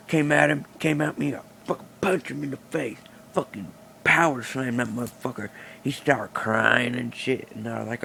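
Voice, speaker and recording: A man's voice: medium pitch, fairly even intonation, fairly quick, vocal fry, a bit bright, slight background noise. A man telling a rambling, profane, boastful improvised stand-up story into a phone. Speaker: amateur comedian.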